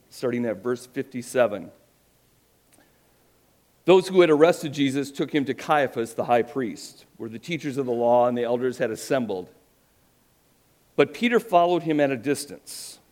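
Middle-aged male pastor, animated storytelling sermon, expressive delivery. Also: medium pitch. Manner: animated storytelling, voices quotes with rising emphasis.

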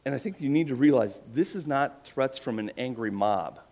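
A middle-aged male pastor preaching a sermon, retelling a story with animated emphasis and acted-out quotes. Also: medium pitch, normal speed.

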